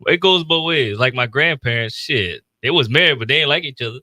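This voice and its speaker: A man's voice: medium pitch, a little fast, sharp tone, no room sound. A man co-hosting a casual podcast chat, asking questions in a laid-back, slangy way.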